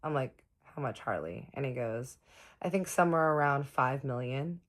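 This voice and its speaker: A woman's voice: deep voice, moderate pace, a bit bright. A woman, chatting casually through a storytime and quoting others in her own voice.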